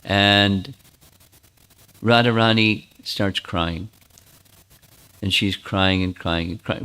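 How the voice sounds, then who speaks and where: Deep-voiced man retelling a sacred story. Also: slow, pauses often, clean tone. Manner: animated storyteller, frequent restarts. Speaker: spiritual teacher. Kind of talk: sermon storytelling.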